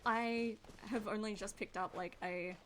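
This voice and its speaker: A woman's voice: medium pitch, fairly even intonation, measured pace, fairly bright tone, a little hiss or hum. A woman live-streaming a game, chatting casually and laughing often at herself. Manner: giggly, laughs often, self-deprecating. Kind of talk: casual live-stream chat while gaming. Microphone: desk microphone.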